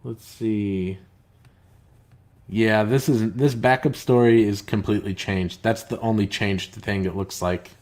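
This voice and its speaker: A man's voice: fairly low pitch, fairly even intonation, unhurried, darkish tone. A man hosting a casual live stream, reading viewer comments aloud and talking in a rambling, hesitant way with lots of filler words and an aggrieved, complaining tone. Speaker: comic book writer and live stream host.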